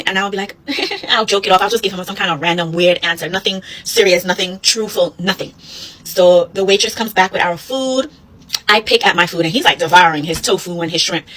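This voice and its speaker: Woman rattling off a date story, quick and husky, bright edge to her voice. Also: mid-range voice, poor audio. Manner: animated, fast retelling with acted dialogue. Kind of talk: casual storytelling.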